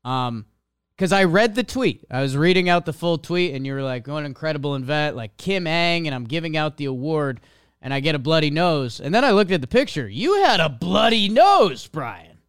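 A man's voice: a little high, big pitch swings, moderate pace, clean tone, no echo, clean studio sound. A man hosting a podcast in a loose, conversational way, often laughing. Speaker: podcast host. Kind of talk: casual chat.

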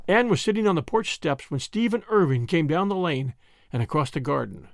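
A man's voice: on the high side, fairly quick, vocal fry, no room sound, clean studio sound. A man narrating a classic novel as an audiobook, telling it expressively. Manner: expressive storytelling.

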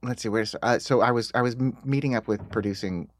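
A middle-aged American man, a screenwriter being interviewed, telling self-deprecating stories in a casual, animated way. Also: medium pitch, fairly quick. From United States. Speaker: screenwriter guest.

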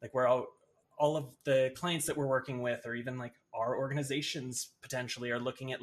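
Relaxed male podcast guest. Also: medium pitch, fairly quick, a little hiss or hum. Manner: relaxed, lots of "like" and "right?". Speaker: guest, author and agency founder. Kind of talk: casual interview chat.

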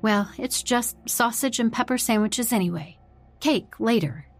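A man voicing a gentle, kindly middle-aged mother in a narrated horror story. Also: very high voice, measured pace, soft background music, voice pushed up. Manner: soft, kindly, a little regretful.

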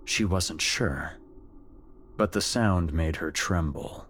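Slow, deep-voiced male narrator. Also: a little hiss or hum. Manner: slow, measured storytelling. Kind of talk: scripted horror narration.

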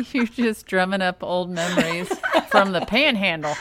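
A woman co-hosting a podcast with dry, teasing humor in casual chat. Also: on the low side. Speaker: podcast co-host. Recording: noticeable background noise.

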